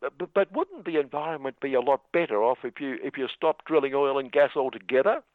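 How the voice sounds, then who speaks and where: A man's voice: mid-range voice, brisk, no room sound, close to an everyday voice. A man voicing a persistent interviewer, in a skit. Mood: probing. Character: male interviewer, doggedly probing. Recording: tinny phone-like radio sound.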